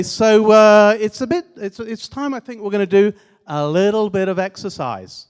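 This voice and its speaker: A man giving a conference keynote, loudly and playfully coaxing the audience through a laughter exercise. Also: high voice, clear, resonant tone. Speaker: keynote speaker. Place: conference hall.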